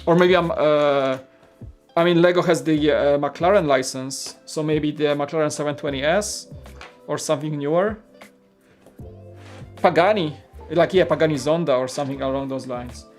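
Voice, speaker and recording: A man chats casually on a livestream, rambling and stopping to read out viewer comments. His voice sits a little high for a man. Soft guitar music plays faintly underneath. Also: normal speed. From Poland. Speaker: host.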